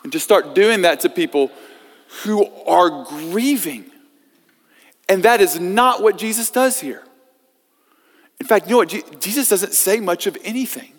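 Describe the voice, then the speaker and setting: A man preaching a sermon as pastor, swinging from loud emphasis to hushed scripture reading. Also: high-pitched, lively intonation, unhurried, pauses often. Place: church sanctuary. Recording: long reverb of a church hall.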